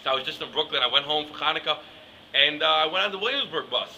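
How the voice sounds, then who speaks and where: A young man rants for laughs, his voice high and sharply bright. He rattles off jokes at a quick clip, piling up "like"s and "I mean"s, with faint noise underneath. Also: expressive, low-quality recording. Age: young adult. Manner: rambling, joking, full of "like" and "I mean". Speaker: yeshiva student comic. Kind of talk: casual comedic rant.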